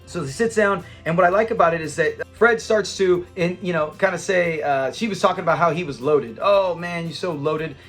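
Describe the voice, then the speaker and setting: A man's voice: sits high, brisk, few pauses, a bit bright, soft background music. Rambling man recapping sitcom scenes. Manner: rambling, recounts scenes with quoted lines, laughs often. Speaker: host of a classic sitcom fan channel. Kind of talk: casual commentary.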